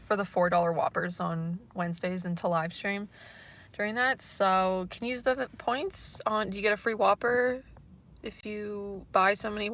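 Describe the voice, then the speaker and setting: A young woman from Canada chatting casually on a livestream, rambling through stories and reading comments, full of "like" and quick laughs. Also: mid-range voice, bright, forceful tone. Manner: rambling, laughing often, lots of "like". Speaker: livestream host.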